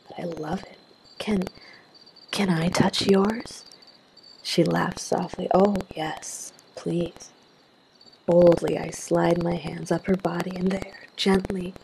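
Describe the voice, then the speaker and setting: A woman tells an intimate first-person story at an unhurried pace. Her voice is low and full of gravelly fry, held in a flat, even line. She often drops into a whisper. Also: a little hiss or hum, poor audio. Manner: soft, often slipping into a whisper. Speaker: narrator.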